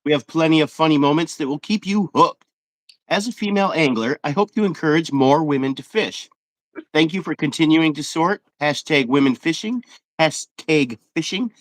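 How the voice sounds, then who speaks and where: A man's voice: on the high side, moderate pace, a bit bright, no echo. A man hosting a casual fishing interview, upbeat and loose with fillers. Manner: upbeat, reads stats with fillers. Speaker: interview host.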